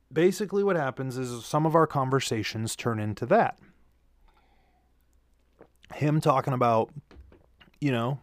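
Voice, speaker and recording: Man, tired, rambling casual story, profane, self-correcting, average pitch, dry close mic. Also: dry recording. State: tired after work. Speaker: vlogger telling a story. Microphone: handheld studio mic with pop filter.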